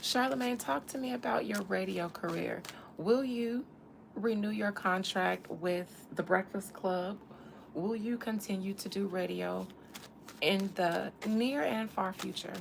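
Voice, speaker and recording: A woman's voice: mid-range voice, a little slow, gravelly, a little hiss or hum. A woman from the American South with a Southern accent, hosting a casual tarot reading and talking in a sassy, teasing drawl. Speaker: tarot reader and channel host.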